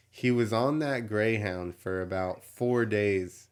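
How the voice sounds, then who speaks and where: A man hosting a podcast, telling a story in a casual, animated way, with swearing and laughter. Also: fairly low pitch, unhurried, few pauses, clear, resonant tone. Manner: animated, profane, laughs while telling stories. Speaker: podcast host.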